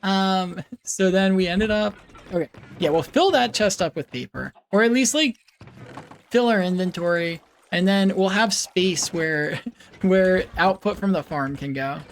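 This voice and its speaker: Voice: mid-range voice, unhurried, slight background noise. A streamer chatting casually while playing a game, giggling, rambling and making playful animal noises between thoughts. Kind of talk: casual live-stream chat while gaming.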